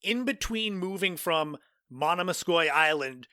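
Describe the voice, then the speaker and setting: A man's voice: a little high, lively intonation, unhurried, bright, forceful tone, dry recording, studio quality. A man in his forties from Cape Cod, Massachusetts, hosting a podcast and telling a personal story in a conversational way, with offhand asides. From Cape Cod, Massachusetts, USA. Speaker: podcast host.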